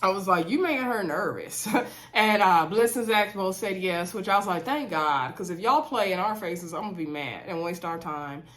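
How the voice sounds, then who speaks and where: A woman's voice: fairly low pitch, normal speed, a bit bright. A woman vlogger, recapping a reality show in an opinionated, chatty way with many fillers and asides. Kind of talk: casual recap chat.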